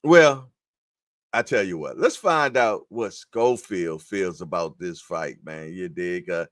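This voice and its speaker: A man's voice: low voice, slow, a bit bright, no echo, studio quality. A man hosting a casual live-stream boxing show, talking in laid-back slangy banter. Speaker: boxing news show host.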